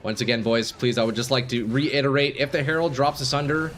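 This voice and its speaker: A man streaming live gameplay, commenting casually to his viewers and swinging from calm explanation to excited shouting. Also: medium pitch, brisk, slight background noise. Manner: casual, profane, addresses chat as boys.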